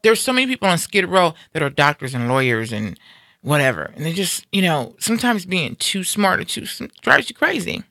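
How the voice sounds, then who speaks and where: A co-host in a casual chat who chimes in with quick reactions and playful asides. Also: mid-range voice, big pitch swings, creaky, bright, forceful tone, dry recording, studio quality.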